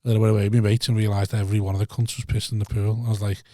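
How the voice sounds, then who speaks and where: A man's voice: fairly low pitch, little pitch movement, rapid-fire, warm tone, no room sound, studio quality. A man, co-hosting a podcast and telling stories with lots of swearing and acted-out quotes. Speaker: podcast co-host. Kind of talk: casual chat.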